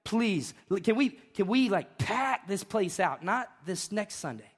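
A pastor preaches with fire, his unusually high voice climbing to shouts before dropping into easy, joking asides. The sound rings with the long reverb of a church sanctuary. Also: animated, a little slow, husky. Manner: fervent, shouting at peaks, conversational asides. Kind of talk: sermon.

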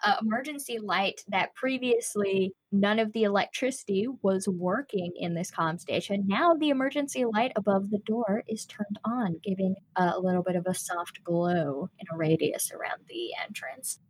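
A woman narrating a tabletop role-playing game as game master, describing scenes at a relaxed pace with frequent fillers. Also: mid-range voice, normal speed, few pauses, a little hiss or hum, low-quality recording.

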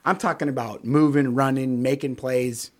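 A man co-hosting a casual sports podcast, telling stories with lots of fillers and quick "right?" checks. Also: mid-range voice. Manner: animated storyteller, many fillers and "right?"; acts out quotes in other voices. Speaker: podcast co-host.

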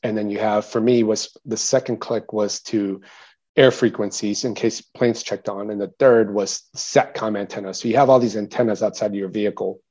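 A man recounts a story as a guest, in a relaxed, mellow voice full of fillers and restarts. He gets animated and louder whenever he quotes someone. The recording sounds somewhat dull and lo-fi. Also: fairly low pitch, normal speed. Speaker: interview guest, military veteran. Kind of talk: casual storytelling.

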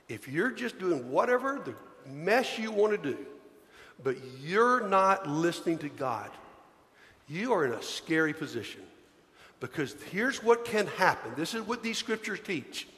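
A man preaching a sermon as pastor, pleading earnestly and swinging between hushed and loud passages. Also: sits high. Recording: long hall reverb.

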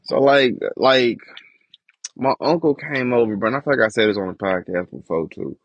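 A young man with a husky voice vents on a podcast, swearing freely and circling back on his complaints in a loose, frustrated monologue. His voice sits at an ordinary pitch. The recording is dull and dry, with a lo-fi quality. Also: moderate pace, no room sound. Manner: frustrated profane ranting about family. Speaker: podcast host.

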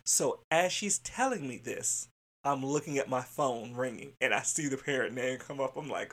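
Gravelly man telling an animated story. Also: mid-range voice, normal speed. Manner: animated and candid, swears and laughs often. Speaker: childcare center director. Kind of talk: casual storytelling monologue.

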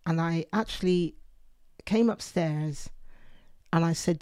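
A woman's voice: lowish voice, slow pace, warm tone, no room sound, studio quality. A woman co-hosting a Christian podcast, earnestly telling personal stories and quoting her own prayers. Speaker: podcast co-host.

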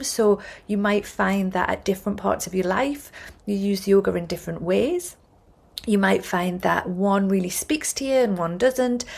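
A woman's voice: medium pitch, creaky, darkish tone. A woman hosting a yoga podcast, explaining ideas in a chatty, self-correcting way with frequent restarts. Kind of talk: casual explanatory talk.

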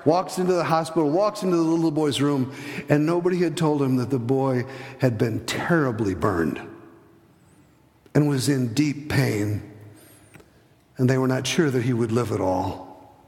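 A man preaching a sermon, telling stories and acting out the voices in them, sometimes dropping soft and low for emphasis. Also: moderate pace, long pauses. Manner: storytelling, acts out voices in anecdotes; hesitant restarts, drops to soft low tones for emphasis. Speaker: pastor. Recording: long hall reverb.

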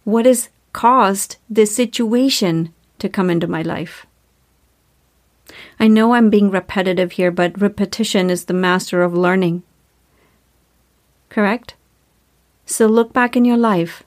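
A woman's voice: mid-range voice, measured pace, long pauses. A woman hosting a spiritual self-help podcast, talking earnestly and repeating herself, full of rhetorical questions. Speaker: podcast host.

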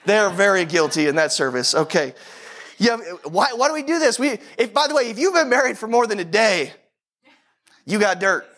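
A man with a high speaking voice gives a sermon in a loose, conversational manner. He often repeats his phrases to press a point home. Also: very animated, moderate pace, a bit bright. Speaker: pastor.

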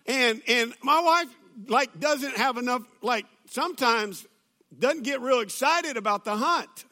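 A pastor with a high, bright voice preaches a sermon before a church crowd. He tells stories with easy humor and plenty of fillers and restarts. His tone is sharp and ringing, and he speaks in a high register. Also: moderate pace. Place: church auditorium with audience.

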